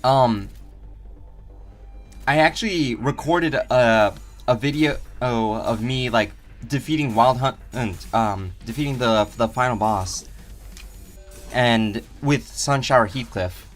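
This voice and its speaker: A man's voice: medium pitch, takes it slowly, faint music behind. A man casually chatting on his game live stream, unsure of himself and answering viewer questions from chat. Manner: rambling, unsure, reads chat aloud.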